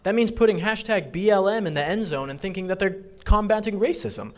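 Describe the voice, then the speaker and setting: A man's voice: high voice, animated, fairly quick. Emphatic man giving a speech. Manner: emphatic, repetitive. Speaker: political speaker. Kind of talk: fundraiser speech.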